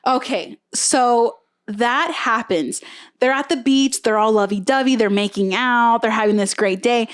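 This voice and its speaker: Animated young woman retelling gossip. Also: a little high, measured pace, smooth. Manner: animated storyteller, acts out quotes, frequent "like". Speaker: podcast co-host. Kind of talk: casual chat, retelling a reality show.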